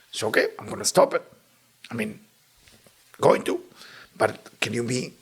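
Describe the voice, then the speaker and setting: A man teaching a Kabbalah lesson, telling stories with animated emphasis. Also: medium pitch, brisk, gravelly, husky. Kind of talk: lesson with storytelling.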